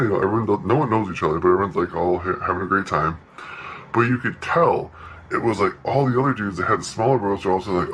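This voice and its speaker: Man, deep bright voice, casual storytelling, laid-back, swears, acts out quotes. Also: fast talker, slight background noise, rough recording. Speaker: podcast host.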